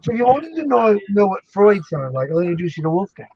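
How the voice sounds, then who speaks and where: A man chatting casually as an academic guest, animated and jokey, rambling through his thoughts. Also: sits high, fast talker, muffled recording. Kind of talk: casual chat.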